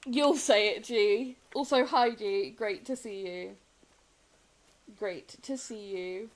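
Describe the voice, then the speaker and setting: A woman's voice: medium pitch, slow, low-quality recording. A young woman streaming a game and chatting casually with viewers, rambling, laughing often and restarting her sentences. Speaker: gaming streamer. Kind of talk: casual chat while live-streaming a game.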